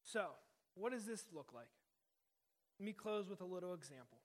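A man's voice: high-pitched, expressive, normal speed. A man in his thirties, a pastor delivering a sermon in a conversational style, repeating key lines for emphasis. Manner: conversational preaching with emphatic repetition.

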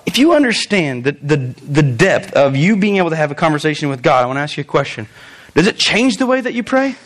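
A young man preaching a sermon, animated, joking in asides and talking straight to his listeners. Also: a little high, fast talker. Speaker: pastor.

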